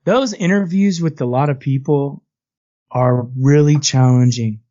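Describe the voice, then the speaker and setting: A man's voice: medium pitch, unhurried, warm tone. A man co-hosting a casual podcast, sarcastic, telling a family story. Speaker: podcast co-host. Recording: dull lo-fi podcast audio.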